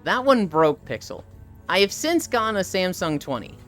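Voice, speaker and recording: On a casual live stream, a woman strolls and chats in a mid-range, sing-song voice at a moderate pace while faint music plays. Emphatic and full of opinions, she strings her points together into long lists.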